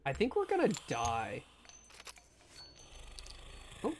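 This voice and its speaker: A man's voice: fairly high pitch, expressive, normal speed, slight background noise. A man streaming a game live, chatting casually to his viewers in a rambling, joking way and often stumbling over words. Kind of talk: casual live gameplay commentary.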